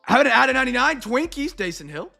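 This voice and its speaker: A young man hosting a live card break, chatting to viewers and going off on excitable, rambling sports rants. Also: very high-pitched, very fast, gravelly, faint music behind.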